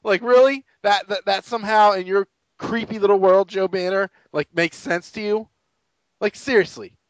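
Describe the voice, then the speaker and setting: A man's voice: sits high, moderate pace, no echo, low-quality recording. A man co-hosting a sports podcast, ranting in an exasperated, sarcastic way and mocking people in quoted voices. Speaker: podcast co-host. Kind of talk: casual sports podcast rant.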